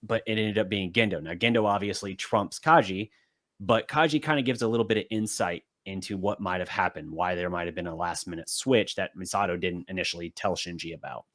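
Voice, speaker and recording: A man co-hosting a podcast, chatting casually through an episode recap and acting out character lines in quick bits. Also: low-pitched, a bit bright. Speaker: podcast co-host. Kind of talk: casual anime recap chat.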